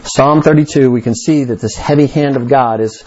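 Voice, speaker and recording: A man's voice: medium pitch, normal speed, highs cut off, background noise. A man preaching a sermon, reading scripture aloud and then explaining it with emphatic repetition. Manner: reads scripture aloud then explains, stresses key words. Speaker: pastor. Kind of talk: expository sermon.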